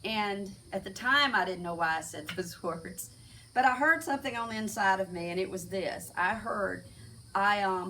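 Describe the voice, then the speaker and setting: A middle-aged woman telling her personal faith testimony in a halting way, with many restarts and fillers. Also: medium pitch, bright, forceful tone, recorded from a distance, a little hiss or hum, rough recording. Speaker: testimony speaker.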